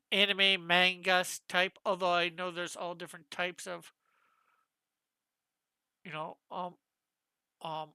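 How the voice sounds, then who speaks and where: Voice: medium pitch, vocal fry, bright, forceful tone, clear, resonant tone, dry recording. A comic artist chatting casually with viewers on a live stream while drawing, thinking aloud and asking their advice.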